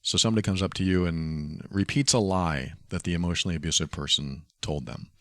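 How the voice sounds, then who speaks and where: A man with a very low voice talks listeners through advice in a steady, coaching manner, circling back to his key phrases. The sound is dry and close, with no room echo. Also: brisk. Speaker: podcast host. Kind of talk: advice monologue.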